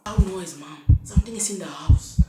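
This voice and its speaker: A woman's voice: mid-range voice, normal speed, a loud crowd. A woman playing a possessive, dramatic boy who is an only child, in a comedy skit with whiny, complaining sighs. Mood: scared. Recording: echoey room with loud music.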